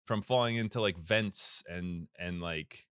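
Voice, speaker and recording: A man's voice: low voice, measured pace, fairly bright tone, clear, resonant tone, no room sound, studio quality. A young man co-hosting a podcast, joking and self-mocking, often trailing off into mumbles. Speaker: podcast co-host. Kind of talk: casual chat.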